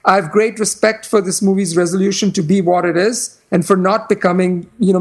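A man weighs up a film on a casual podcast. He speaks in a measured way, hedges often and fills pauses with "you know" and "kind of". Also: high-pitched. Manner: measured, hedging, many fillers. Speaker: podcast co-host, film reviewer. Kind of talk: casual chat.

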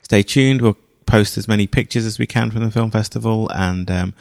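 A man's voice: lowish voice, fairly even intonation, normal speed, gravelly, hardly any pauses, darkish tone, no room sound, clean studio sound. A man co-hosting a film podcast, talking through a review in a thoughtful, hesitant way with fillers. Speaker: podcast co-host. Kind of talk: casual film review chat.

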